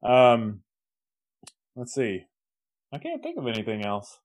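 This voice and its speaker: A man's voice: mid-range voice, wildly swooping pitch, slow. A man co-hosting a podcast in casual chat, rambling with restarts and laughing mid-sentence. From Kansas. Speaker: podcast co-host.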